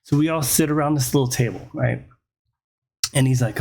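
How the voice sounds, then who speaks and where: A man's voice: mid-range voice, moderate pace, creaky, a little mellow. A man, hosting his own show and ranting through a rambling, profane comedic story. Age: 40s. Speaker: host.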